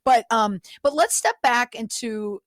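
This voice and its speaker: A woman's voice: on the high side, unhurried, dry recording, studio quality. A middle-aged woman hosting a podcast interview, chatting casually with laughing asides before steering back to the topic. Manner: friendly, laughing asides, guides the talk back. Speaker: podcast host.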